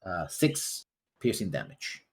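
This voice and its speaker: A man running a tabletop game as game master, narrating haltingly with many fillers. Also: sits low, huge pitch swings. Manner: halting, many ums and uhs while narrating.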